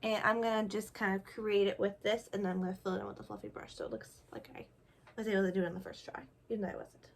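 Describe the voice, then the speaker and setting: Fast, flat and a bit gravelly, this young woman's mid-range voice carries a casual makeup tutorial. As a beauty vlogger, she chats and cracks self-deprecating jokes while putting on makeup.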